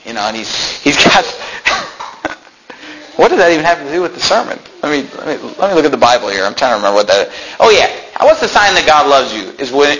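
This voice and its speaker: A man's voice: on the high side, noisy background. A man preaching a sermon as pastor, talking conversationally, often laughing and acting out complaining voices.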